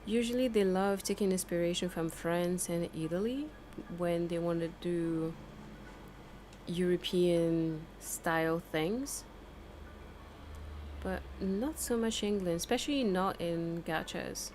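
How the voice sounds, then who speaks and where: A woman's voice: on the low side, slow, a little mellow, a little hiss or hum. A woman chatting casually while she plays a game, talking freely, laughing often and swearing now and then. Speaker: game streamer. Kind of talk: casual gameplay commentary.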